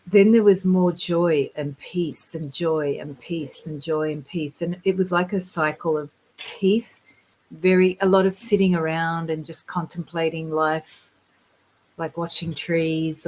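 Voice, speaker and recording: A woman telling of spiritual experiences in a casual conversation, earnest and rambling, and quick to get excited. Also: on the low side, poor audio. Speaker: guest sharing spiritual experiences.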